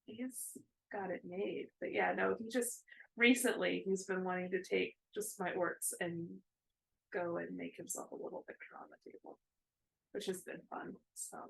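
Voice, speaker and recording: A woman's voice: fairly low pitch, fairly even intonation, normal speed, gravelly, poor audio. A woman in her thirties, co-hosting a casual chat about cross-stitching, rambling with many fillers.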